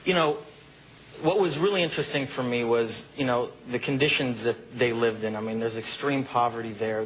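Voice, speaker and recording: A man with a mid-range voice tells anecdotes as an interview guest, easygoing and animated. He leans on casual fillers as he goes. Faint noise sits under the recording. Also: medium pitch, rough recording. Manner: relaxed, animated storytelling with fillers like "you know" and "man".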